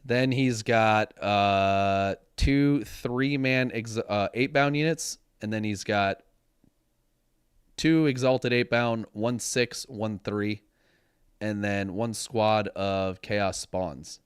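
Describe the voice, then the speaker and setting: Smooth-voiced man chatting casually, rambling. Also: fairly low pitch, slow, dry recording, studio quality. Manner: rambling, loses words mid-sentence. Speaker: podcast co-host. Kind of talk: casual chat. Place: home studio.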